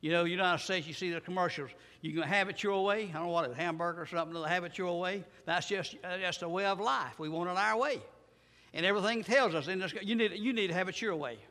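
A man's voice: high voice, quick pace, sharp tone, long reverb tail. An older man preaching a sermon, telling folksy stories and rising to emphatic bursts.

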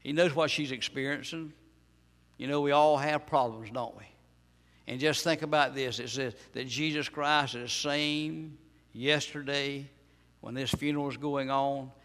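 A man's voice: mid-range voice, fairly even intonation, measured pace, a bit bright, long reverb tail. A man preaching a sermon in a church, emphatic and repetitive, asking his listeners questions. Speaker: pastor.

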